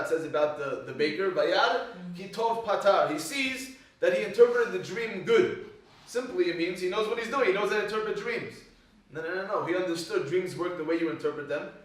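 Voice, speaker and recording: Male Torah teacher, slightly high voice, animated and questioning, recorded from across a very echoey classroom. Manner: animated storytelling, quizzes the audience. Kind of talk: lively Torah class to a live group. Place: classroom with a small live audience. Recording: echoey room, voice from far off.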